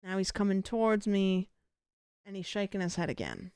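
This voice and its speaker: A woman putting on a slow, hushed wildlife documentary narrator voice. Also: medium pitch, very animated, smooth, dry recording, studio quality, natural voice. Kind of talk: mock wildlife narration over gameplay.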